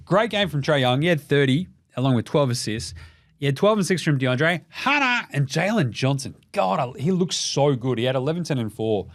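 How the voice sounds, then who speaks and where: A young Australian man rattles through the night's basketball scores in a loose, profane chat. He jokes a lot, slips into mock voices, and his pitch sits in the ordinary middle for a man. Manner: sweary, animated, jokey with mock voices. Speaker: basketball podcast host. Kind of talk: casual sports recap.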